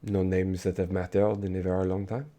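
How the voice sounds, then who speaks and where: An aloof, mysterious elven witch of the mountain, voiced by a man running the game. She answers in a low, cool and evasive way, giving little away. The voice stays close to his own deep tone. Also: flat delivery, brisk, mellow, natural voice.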